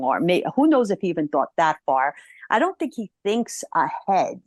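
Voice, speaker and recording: Animated woman co-hosting a podcast, dry sound. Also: mid-range voice, dry recording. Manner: animated, acts out characters' thoughts in quick asides. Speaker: podcast co-host. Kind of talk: casual film discussion.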